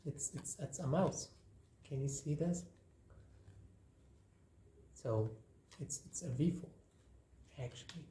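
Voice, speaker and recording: A man walks through a paper craft step by step in an unhurried, repetitive way. His voice is mellow, and his speech is slow. The room sounds echoey, with a faint hiss underneath. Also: on the high side. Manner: relaxed, repetitive, talking while folding paper. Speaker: craft tutorial host. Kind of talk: hands-on craft demonstration. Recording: roomy echo, faint noise.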